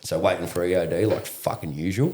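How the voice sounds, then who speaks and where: An Australian man, a veteran guest, telling a war story in a profane, laughing, animated way. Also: low voice, fast talker, reverberant. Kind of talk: casual storytelling.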